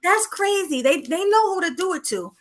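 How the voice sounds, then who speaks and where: A woman's voice: extremely high pitch, expressive, normal speed. A woman co-hosting a podcast, giving sassy, judgmental commentary in a casual chat. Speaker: podcast co-host.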